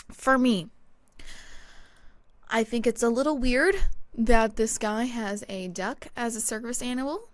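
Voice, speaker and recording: A woman's voice: fairly high pitch, takes it slowly, pauses often, no room sound. A woman co-hosting a podcast, easygoing and laughing often, chatting casually. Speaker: podcast co-host.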